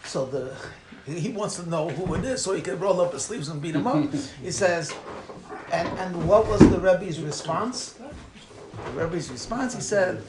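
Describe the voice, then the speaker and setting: Rabbi, male, high voice, storyteller who laughs often; echoey room with a noisy background. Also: animated, moderate pace. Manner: storytelling, laughing, quoting in a rising voice. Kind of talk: farbrengen talk.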